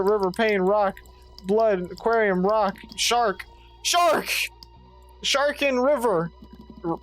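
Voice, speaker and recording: Foul-mouthed woman streamer thinking aloud. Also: medium pitch. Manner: swears freely, thinks out loud, reads game text. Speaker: gaming streamer. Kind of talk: let's play commentary.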